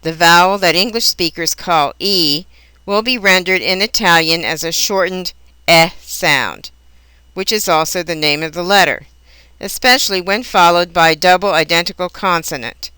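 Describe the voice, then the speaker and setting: A woman teaching a language lesson in scripted narration, pronouncing each example word slowly and carefully. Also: lowish voice, pushed and bright, clear, resonant tone, no echo. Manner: slow, careful, precise enunciation of example words.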